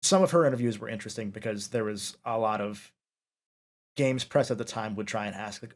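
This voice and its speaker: A man's voice: fairly low pitch, steady tone, fairly quick. A man hosting a casual interview, talking at length with many fillers and restarts. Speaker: interviewer, podcast host.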